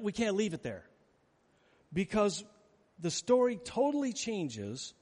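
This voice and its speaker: A man with a high voice delivers a sermon in a large hall, and the long reverb trails after his words. He tells the story with animation, acting out the scenes as he goes. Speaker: pastor.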